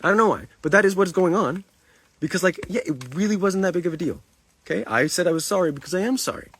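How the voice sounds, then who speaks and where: A man's voice: sits high, animated, quick pace, a bit bright, slightly rough. A man livestreaming to his chat, talking defensively, repeating himself and swearing.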